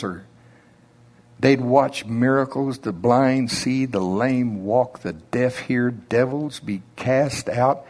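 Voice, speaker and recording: Man, Oklahoma drawl, preacher, husky voice, slow and emphatic. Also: medium pitch, darkish tone. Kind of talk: sermon.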